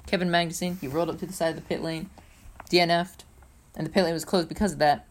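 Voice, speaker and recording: A woman's voice: lowish voice, fairly even intonation, quick pace. Playful young woman podcast co-host. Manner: chatty and playful, jokes often. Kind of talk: casual chat about motor racing.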